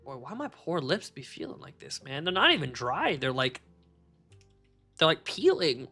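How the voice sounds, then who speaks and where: A male streamer chats casually through a home desk mic, his voice bright and sharp. He rambles and swears freely, and his pitch swings widely as he laughs at his own jokes. Soft music plays faintly behind him. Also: sing-song, normal speed. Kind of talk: casual live-stream chat while shiny hunting. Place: warm home room.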